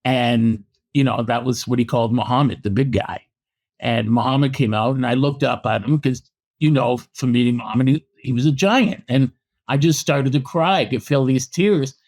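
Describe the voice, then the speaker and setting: A middle-aged man from Canada, a boxing historian telling anecdotes in an interview, with many restarts and lively acted quotes. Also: mid-range voice, normal speed. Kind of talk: storytelling in a podcast interview.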